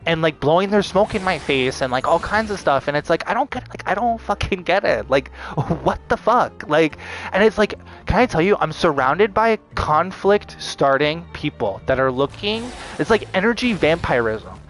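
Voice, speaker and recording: A man's voice: fairly high pitch, expressive, normal speed, fairly bright tone, faint music behind. A man venting in a vlog monologue, swearing often and repeating himself with lots of fillers. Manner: profane, repetitive ranting with many fillers. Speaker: vlogger.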